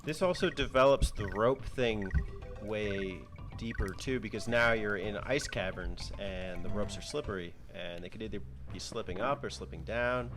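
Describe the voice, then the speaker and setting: A man's voice: fairly low pitch, normal speed, music in the background. A young man co-hosting a podcast, chatting casually about video games with dry, joking asides. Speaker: podcast co-host. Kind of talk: casual gaming chat.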